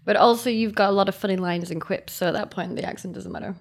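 A woman's voice: medium pitch, quick pace, gravelly. A woman running a tabletop role-playing game, asking players questions and laughing often. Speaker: game master.

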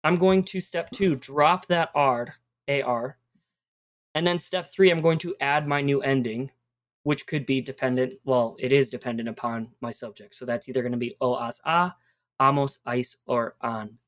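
A woman's voice: very deep voice, normal speed. Upbeat woman teaching Spanish. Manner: upbeat, encouraging, spells out words. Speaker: Spanish teacher, podcast host. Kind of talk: casual teaching on a podcast.

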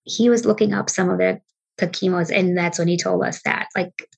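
A middle-aged woman from Wisconsin, guest in an interview, telling a personal story in a halting way, full of restarts and fillers. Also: lowish voice, fairly even intonation, gravelly, husky. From Wisconsin, United States. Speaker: guest, bereaved mother.

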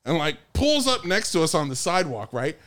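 A man casually telling a story among friends, animated, swearing a lot and acting out the quotes. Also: fairly high pitch, brisk.

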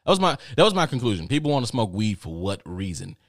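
A young man with a fairly low voice tells a personal story in a loose, profane, rambling way and chuckles at his own misadventure. The sound is dry and close, with no room echo. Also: very animated, quick pace, few pauses. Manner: profane, rambling, laughs at himself. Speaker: podcast host.

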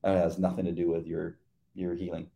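A middle-aged man co-hosting a faith podcast, talking in casual chat with halting restarts and fillers. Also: sits low, monotone, vocal fry, mellow. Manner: halting, with frequent uh fillers and repeated words. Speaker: podcast co-host.

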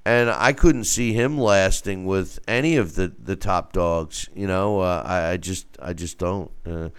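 Smooth low-voiced man talking boxing. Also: unhurried. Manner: animated, stammering restarts. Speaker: boxing analyst guest. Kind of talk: casual boxing talk.

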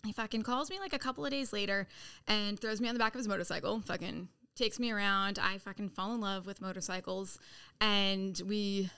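A middle-aged woman from San Diego telling her life story on a podcast in a blunt, profane, animated way. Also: mid-range voice, fairly quick, smooth. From San Diego, California. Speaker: podcast guest. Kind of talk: casual storytelling.

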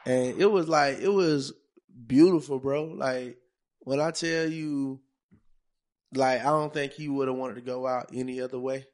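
A man's voice: mid-range voice, steady tone, unhurried, darkish tone. A young man hosting a podcast, telling stories in loose, slangy casual chat. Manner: loose, storytelling, heavy slang. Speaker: podcast host.

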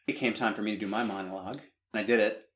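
A man's voice: lowish voice, steady tone, very fast, a bit bright. A man in his thirties with an American accent, hosting a casual chat with a film cast and telling funny stories. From United States. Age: 30s. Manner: storytelling, joking. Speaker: host asking the cast questions.

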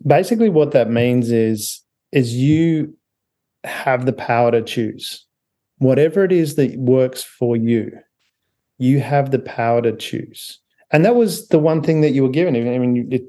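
Low-toned man chatting as a guest. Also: mellow. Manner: chatty, laughs often, restarts sentences. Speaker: author, podcast guest. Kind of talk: casual interview talk.

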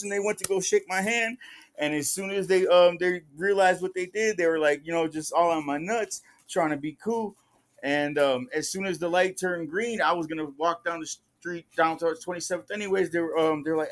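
A man's voice: fairly high pitch, brisk, fairly bright tone. A man telling street stories in a casual podcast chat, profane and full of slang, acting out the voices of people in his tales. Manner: profane street slang, says "bro" often; acts out quoted voices in the stories. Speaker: podcast guest or co-host.

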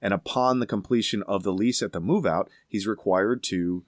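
A man casually telling a story with emphatic, animated delivery. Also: lowish voice, moderate pace, dry recording, studio quality.

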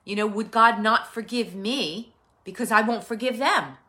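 A woman's voice: a little high, moderate pace, pushed and bright. A woman teaching a sermon in a casual, conversational way, with fillers and restarts. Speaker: Bible teacher.

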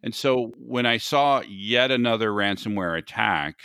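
A man's voice: lowish voice, a little slow, bright, forceful tone, clean tone, no echo, clean studio sound. A man hosting a podcast, talking casually with a guest and often restarting his sentences. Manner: conversational, with frequent restarts. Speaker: podcast host.

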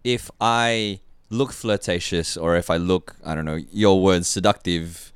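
A man's voice: sits low, a little slow, clear, resonant tone, no room sound. A man, co-hosting a casual podcast chat and telling stories with lots of laughter. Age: 30s. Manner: animated storyteller who laughs often. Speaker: podcast co-host.

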